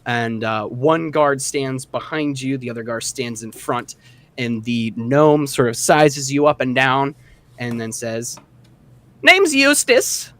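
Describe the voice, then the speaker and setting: A young man running a tabletop game as dungeon master, narrating in a relaxed way with many fillers. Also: medium pitch.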